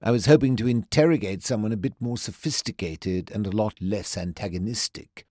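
A man voicing a cool, clipped gentleman detective who speaks curtly and reprovingly. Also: lowish voice, no room sound, studio quality, lightly acted. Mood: muttering rebuke. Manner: curt, brisk and reproving.

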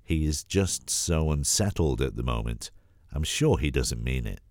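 A man's voice: animated, unhurried, a little mellow, no room sound, studio quality. A man with a cold voicing a kindly, motherly grandmother who soothes and scolds. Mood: soothing. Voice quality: cold-roughened deep voice. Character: kindly fussing old grandmother.

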